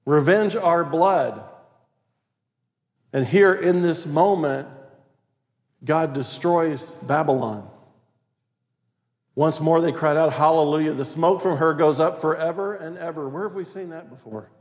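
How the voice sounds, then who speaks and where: A man preaching a sermon as pastor, reading scripture aloud and stressing key words, sometimes dropping to a quiet, prayerful tone. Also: a little high, a little slow. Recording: long reverb of a large hall.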